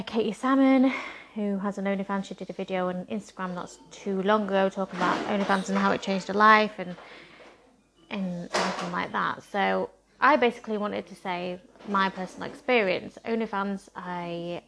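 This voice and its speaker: A woman's voice: medium pitch, creaky, a bit bright, a little hiss or hum. A woman, talking frankly in a casual monologue, swearing heavily and sounding defiant. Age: 30s. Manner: blunt, heavy swearing, defiant. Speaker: content creator.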